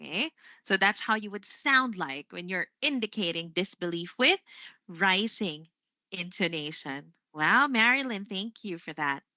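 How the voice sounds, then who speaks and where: A woman's voice: mid-range voice, animated, moderate pace, bright, forceful tone, no room sound. A woman from the Philippines teaching English online, chatty, with frequent fillers and self-corrections. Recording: dry, slightly muffled sound.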